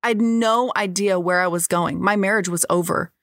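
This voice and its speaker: A woman's voice: medium pitch, fairly even intonation, normal speed, a bit bright, no echo, clean studio sound. A woman, a podcast guest, telling her personal testimony in an earnest, reflective way.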